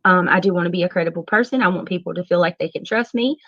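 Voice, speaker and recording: A woman's voice: on the low side, racing, a bit bright, no echo. A woman talking earnestly on a livestream, hesitant and self-justifying. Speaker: streamer in a played clip. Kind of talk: livestream talk. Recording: dry, dull lo-fi stream clip.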